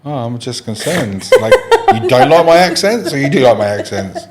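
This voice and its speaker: A man's voice: mid-range voice, very animated, moderate pace. A man, co-hosting a casual podcast chat, cracking dry, teasing jokes. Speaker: podcast co-host.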